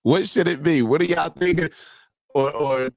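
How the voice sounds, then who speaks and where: Gravelly man hosting a casual reaction show. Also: fairly high pitch, moderate pace, no echo. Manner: loose, slangy, talks straight to viewers. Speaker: morning show host. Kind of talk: casual commentary reacting to a clip and reading chat comments.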